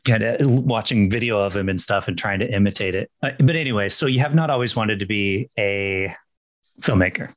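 A male actor hosting an interview podcast, asking questions in a chatty, animated way. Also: fairly low pitch, fairly quick.

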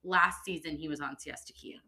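A young woman co-hosting a podcast in casual chat, enthusiastic and full of quick asides. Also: deep voice, fairly even intonation, pushed and bright. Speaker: podcast co-host.

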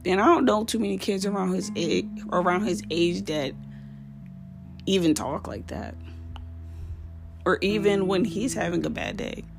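A woman's voice: medium pitch, unhurried, gravelly, pauses often, over music. A woman hosting a parenting podcast, giving casual advice in an earnest, heartfelt and direct way. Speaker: podcast host.

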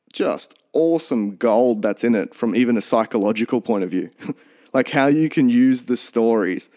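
A man's voice: medium pitch, dark tone. A man co-hosting a podcast, talking earnestly in a rambling, casual way with many restarts. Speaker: podcast co-host.

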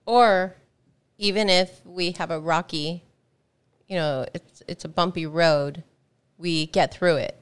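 Female podcast co-host, lowish voice, playful teasing. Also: clear, resonant tone. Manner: teasing, quick to laugh. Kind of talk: casual chat.

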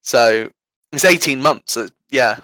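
Eighteen-year-old English lad telling a story. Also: male voice, medium pitch, takes it slowly, pushed and bright, dry recording, rough recording. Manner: rambling, self-deprecating anecdotes, laughs often. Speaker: guest storyteller. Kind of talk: casual podcast chat.

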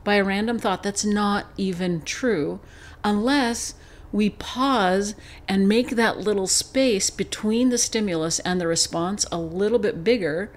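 A middle-aged woman hosting her own podcast, telling a personal story in a lively, reflective way. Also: medium pitch, unhurried. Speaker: podcast host. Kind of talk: solo podcast talk.

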